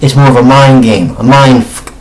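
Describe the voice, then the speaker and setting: A slightly hoarse man talks through a casual video review in a middle-pitched voice. He is chatty and emphatic and often stops to correct himself mid-phrase. He clears his throat now and then. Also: fairly even intonation, moderate pace, a little mellow, poor audio. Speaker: anime reviewer.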